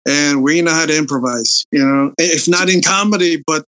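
Rambling, higher-voiced Filipino-born comedian. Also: male voice, fairly quick, a bit bright. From Philippines. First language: Tagalog. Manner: rambling, restarts and repeats words, frequent "you know". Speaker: stand-up comedian. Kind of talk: casual interview chat.

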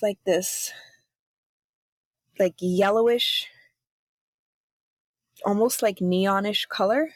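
A woman's voice: medium pitch, no room sound. A young woman hosting a podcast, telling a personal story in a candid, chatty way, with a skeptical, self-aware tone. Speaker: podcast host.

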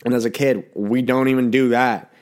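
A man's voice: mid-range voice, fairly even intonation, moderate pace, darkish tone. A young man hosting a casual solo podcast, talking bluntly and rambling with swearing, a little sick. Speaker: podcast host.

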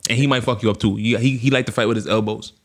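A man's voice: lowish voice, fairly even intonation, racing. Joking man hosting a casual chat. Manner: joking, loud, puts on a Jamaican accent. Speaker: podcast host.

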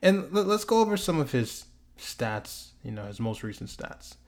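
A man's voice: medium pitch, sing-song, moderate pace. A young man hosting his own sports talk show, ranting passionately and drawing words out for emphasis. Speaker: host. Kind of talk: emphatic sports commentary vlog.

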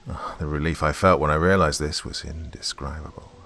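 A man's voice: extremely low pitch, steady tone, brisk, sharp tone. A man narrating a horror story in the first person, in a tense, dramatic way.

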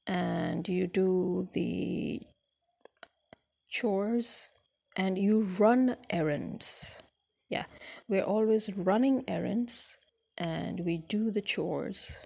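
A woman's voice: mid-range voice, slow pace, vocal fry, mellow. A woman teaching a spoken English lesson, explaining in a loose way with many fillers.

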